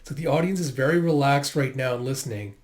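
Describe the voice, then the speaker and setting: A man doing a casual read-through of a manga, reading the credits and story aloud with relaxed commentary, fillers and the odd swear word. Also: medium pitch, quick pace.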